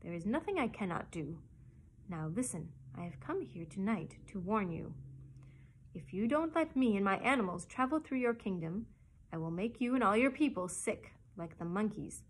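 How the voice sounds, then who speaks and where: A woman's voice: medium pitch, lively intonation, moderate pace, a little hiss or hum, lightly acted, poor audio. Woman putting on Polynesia the clever parrot. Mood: commanding. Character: clever bossy female parrot.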